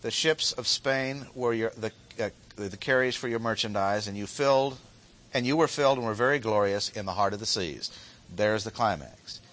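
Bright-voiced man teaching a Bible passage. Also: fairly low pitch, normal speed. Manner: reads verses aloud with asides and explanations; repeats key phrases for emphasis. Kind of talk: expository Bible lecture.

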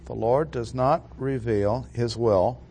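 Deliberate male preacher stressing key words. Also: mid-range voice, warm tone, slight background noise. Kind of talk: expository sermon.

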